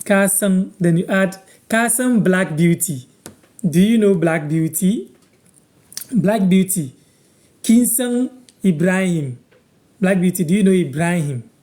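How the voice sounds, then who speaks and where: A man from Ghana teaching words on a live stream, patiently repeating each phrase slowly for viewers. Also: sits high, darkish tone. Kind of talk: live-stream language lesson, answering viewers.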